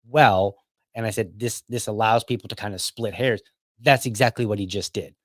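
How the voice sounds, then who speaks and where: Low-voiced man giving rambling commentary. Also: steady tone, normal speed, dry recording, clean studio sound. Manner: rambling, self-correcting, conversational. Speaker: podcast host. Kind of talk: casual commentary.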